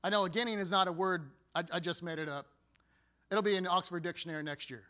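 A man preaching a sermon as a pastor, earnest and deliberate, with playful asides. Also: sits high, pushed and bright.

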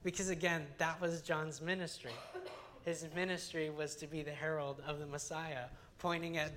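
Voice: mid-range voice, little pitch movement, normal speed, fairly bright tone, a little hiss or hum. A young adult Bible teacher giving a conversational sermon, earnest and chatty, often restarting phrases and using fillers.

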